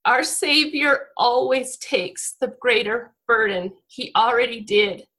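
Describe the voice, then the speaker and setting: A woman, around her forties, speaks in a bright, tense voice that sits a little high. She gives a heartfelt devotional talk, close to tears, often breaking off and restarting her sentences. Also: takes it slowly. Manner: heartfelt and emotional, with frequent restarts. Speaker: church speaker.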